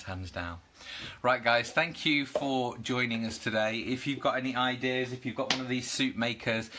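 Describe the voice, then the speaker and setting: A man's voice: on the low side, sharp tone, slight background noise. Chatty British man hosting a cooking stream. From United Kingdom. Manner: chatty, greets viewers by name, laughs often. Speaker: cooking live-stream host. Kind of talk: casual live-stream chat.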